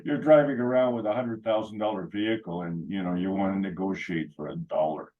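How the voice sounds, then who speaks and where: A man's voice: deep voice, a little fast, narrow, tinny audio. A man telling rambling, anecdotal stories at a meeting, with many fillers and restarts. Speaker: meeting speaker. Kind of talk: casual talk.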